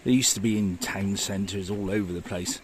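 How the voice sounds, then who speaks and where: A man's voice: deep voice, fairly even intonation, moderate pace, a little hiss or hum. A man narrating a walking history vlog outdoors by a river, enthusiastic and marvelling. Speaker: walking vlogger. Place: outdoors by a river and woodland path.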